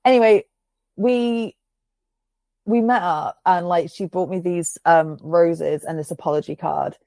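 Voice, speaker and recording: Gravelly, mellow-voiced woman telling a story. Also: fairly low pitch, unhurried, dry recording. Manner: chatty storytelling, filler-heavy, swears freely. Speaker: podcast host. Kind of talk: casual chat.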